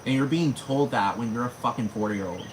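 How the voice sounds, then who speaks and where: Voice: mid-range voice, background noise. Profane ranting vlogger in their thirties. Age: 30s. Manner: rapid, heavy swearing, many fillers.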